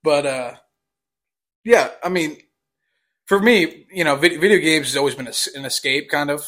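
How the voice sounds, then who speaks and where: A young man chats casually as a podcast co-host, rambling and tripping over repeated words. His voice sits a little high for a man. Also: normal speed, fairly bright tone. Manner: rambling, repeats words, self-described stutter. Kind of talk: casual chat.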